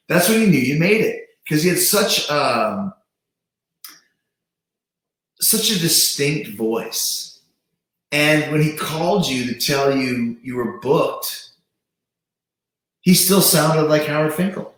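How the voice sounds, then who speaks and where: A man's voice: a little high, animated, measured pace, pauses often, a bit bright. A man hosting a show, talking in a casual, emphatic monologue with some swearing and repeated words. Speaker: show host. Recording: very echoey room.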